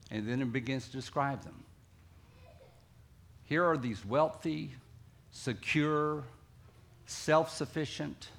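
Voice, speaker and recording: A middle-aged man with a Southern American accent preaching a sermon earnestly, swinging between emphatic lines and soft, quiet ones. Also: on the high side. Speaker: pastor.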